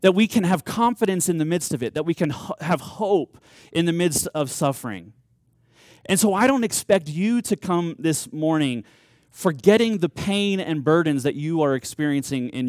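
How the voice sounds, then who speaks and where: A male pastor in his thirties delivers a sermon in an earnest, conversational way, often restarting mid-sentence and repeating words. His voice sits a little high for a man. The sound is close and dry, with no room echo. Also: a little mellow.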